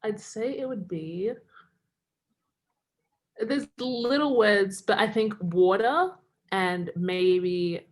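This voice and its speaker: A woman's voice: medium pitch, drawn-out words, pauses often. A young Australian woman, a college basketball player, chatting casually on a video call, full of "like" fillers and laughing often. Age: young adult. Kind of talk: casual remote interview.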